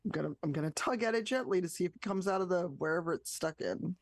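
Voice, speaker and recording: A woman's voice: fairly low pitch, fast talker, dry recording. A woman player in a tabletop game, talking in a wry, jokey way. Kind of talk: tabletop role-play.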